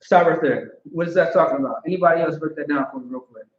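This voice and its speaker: A man's voice: a little high, quick pace. A man teaching an informal scripture class, talking conversationally and often asking "you know what I'm saying". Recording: roomy, dull lo-fi.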